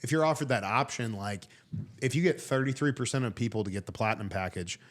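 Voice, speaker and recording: A man co-hosting a comedy podcast, telling rambling, animated stories in casual chat with lots of fillers. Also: medium pitch, fast talker. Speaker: podcast co-host.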